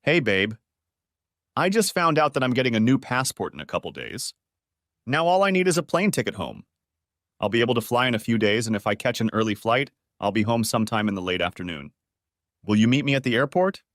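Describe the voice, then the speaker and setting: A man's voice: mid-range voice, very animated, brisk, a bit bright, dry recording, studio quality. A man voicing a desperate, unfaithful young wife who pleads tearfully for forgiveness. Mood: coaxing.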